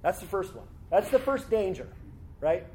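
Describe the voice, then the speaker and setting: High-voiced man preaching a sermon. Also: big pitch swings, normal speed, darkish tone, slight background noise. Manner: expository, reads scripture aloud with rising fervor; conversational asides with tag questions.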